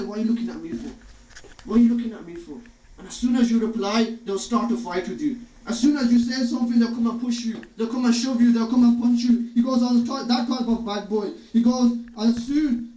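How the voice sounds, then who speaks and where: A man's voice: very high voice, warm tone. Man preaching from far off in a room. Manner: storytelling, retells others' words in quotes. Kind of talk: religious talk. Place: hall or home gathering. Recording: dull, roomy, distant sound.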